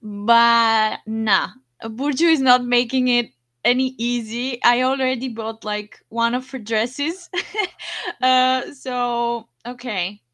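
Slow-talking young woman in casual chat. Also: on the high side, no room sound. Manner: relaxed, unhurried, laughs easily. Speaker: podcast co-host. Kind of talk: casual chat about a TV show.

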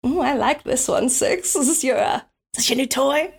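A smug, flirtatious space pirate captain, as a woman game master puts her on in a tabletop game. She stretches her words out and teases, her voice sitting high. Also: expressive, creaky, husky, heavily acted. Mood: teasing. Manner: teasing, drawn-out, playful.

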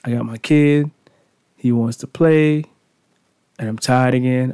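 Man, solo podcast host, rambling, self-mocking, loose and profane, medium-pitched. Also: a little slow, creaky, dark tone. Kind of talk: casual solo podcast monologue. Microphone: studio mic.

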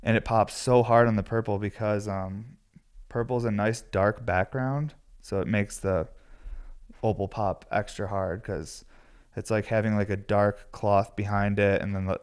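A man in his thirties, tired and a bit raspy, rambling casually and swearing freely as he hosts a podcast from his glass studio. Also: fairly low pitch, darkish tone. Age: 30s. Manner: rambling, profane, laid-back.

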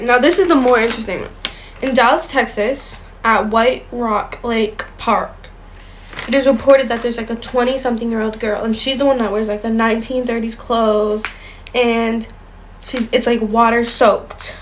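A woman's voice: on the high side, fairly even intonation, normal speed, slight background noise, poor audio. A young woman co-hosting a casual chat show, reading ghost stories aloud and stumbling over words now and then. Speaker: podcast co-host.

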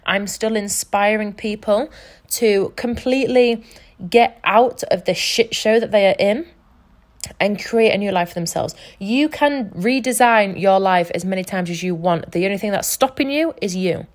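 Young woman doing a motivational podcast chat, earnest and emphatic, swears a lot, mid-pitched voice. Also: normal speed. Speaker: podcast host and life coach. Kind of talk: casual motivational monologue.

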